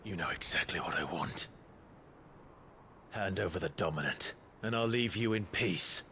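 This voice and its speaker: A man's voice: low-pitched, normal speed, bright, forceful tone, slight background noise. A man voicing a terse, determined young swordsman in a game cutscene, speaking firmly. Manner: terse, firm.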